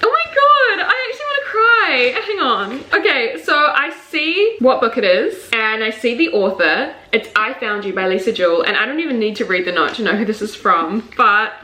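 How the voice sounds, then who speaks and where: A woman in her twenties, a book vlogger, chatting casually and gushing excitedly as she unboxes, with lots of fillers. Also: fairly high pitch, moderate pace, hardly any pauses. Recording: echoey room.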